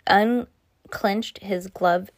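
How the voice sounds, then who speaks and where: A woman's voice: mid-range voice, steady tone, drawn-out words, dry recording. A woman reading a novel aloud, stumbling now and then and restarting her sentences. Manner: unpolished reading with frequent slips and restarts. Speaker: reader.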